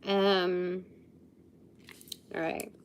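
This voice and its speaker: Woman host for a live intuitive session: unhurried, hesitant, muses aloud, slips into soft murmurs. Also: fairly low pitch, little pitch movement, highs cut off, a little hiss or hum. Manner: musing, hesitant, thinking aloud with fillers. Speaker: livestream host.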